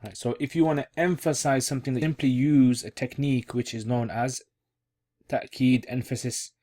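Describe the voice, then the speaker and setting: A man's voice: medium pitch, fairly even intonation, normal speed, mellow. A man teaching an online Arabic grammar lesson in a casual, repetitive way, restating each key term as he explains it. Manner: casual, repeats key terms, thinks aloud while explaining.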